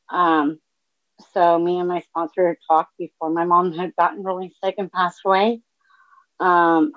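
A woman giving an earnest, emotional personal testimony to a group, talking openly with frequent pauses and ums. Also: lowish voice, dry recording, highs cut off. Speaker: recovery speaker sharing her story.

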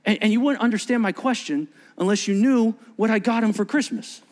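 A middle-aged man preaching a sermon as pastor, telling stories with voiced quotes and dropping to a hushed near-whisper for emphasis. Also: high-pitched, fairly quick. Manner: animated storytelling with voiced quotes and asides.

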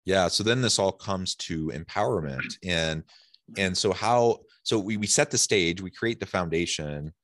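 A man's voice: sits low, fairly bright tone, no echo, studio quality. A man hosting a podcast, framing questions thoughtfully and restarting his sentences. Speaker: podcast host. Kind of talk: conversational interview.

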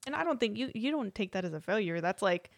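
A woman's voice: mid-range voice, animated, quick pace, no room sound, studio quality. A woman co-hosting a podcast, speaking in a reassuring, encouraging way. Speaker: podcast co-host. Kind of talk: casual chat.

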